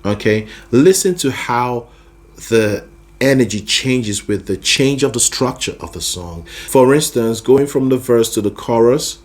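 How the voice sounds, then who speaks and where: Animated man teaching singing, slow-paced. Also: medium pitch. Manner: lively, checks in with the listener often. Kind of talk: explaining with sung demonstrations.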